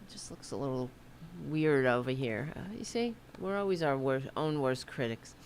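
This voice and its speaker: A middle-aged woman with a New York accent and an extremely low, slightly mellow voice hosts a political livestream at a normal pace, with a little hiss or hum in the background. She wanders from point to point, swears casually, and worries about how her hair looks.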